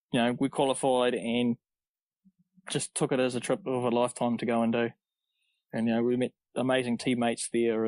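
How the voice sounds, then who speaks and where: A man's voice: medium pitch, a little mellow, no room sound, low-quality recording. A man with a New Zealand accent, chatting easily as a guest about racing and travel. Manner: easygoing, chatty, laughs often. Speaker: podcast guest, triathlete. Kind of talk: casual interview chat.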